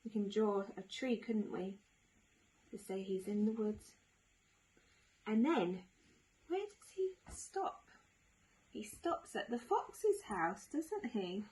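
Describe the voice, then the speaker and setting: A woman teaching young children, drawing and retelling a story in a gentle sing-song way with many tag questions. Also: medium pitch, animated, slow pace, pauses often, poor audio. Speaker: nursery teacher.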